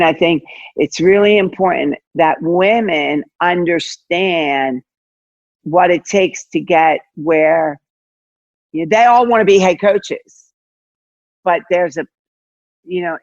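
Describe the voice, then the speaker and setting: Animated older woman coach telling stories. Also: deep voice, no echo, dull audio. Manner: animated, acts out quoted dialogue, many fillers. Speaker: head basketball coach, guest. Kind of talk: casual interview storytelling.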